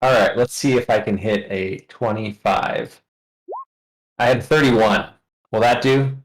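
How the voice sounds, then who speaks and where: A man's voice: lowish voice, a little slow, slight background noise, rough recording. A man playing a tabletop game, chatting casually and teasing. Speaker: player.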